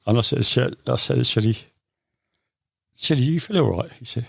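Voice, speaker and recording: A man's voice: medium pitch, a little slow, creaky, fairly bright tone, breathy edge, dry recording, studio quality, faint music behind. An older man from England, telling long stories in a rambling, casual way with many fillers. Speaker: guest. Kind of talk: casual storytelling interview.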